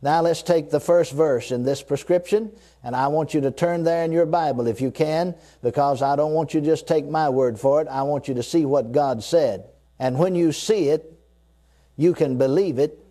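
A man preaches with a mellow, warm tone, driving each point home with emphatic repetition. His voice sits a little higher than most men's, and he leads his listeners to repeat short declarations after him. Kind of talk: sermon.

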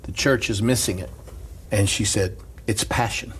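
A man who is a pastor, telling stories in an animated casual chat and laughing through them. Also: on the low side, normal speed, slightly rough.

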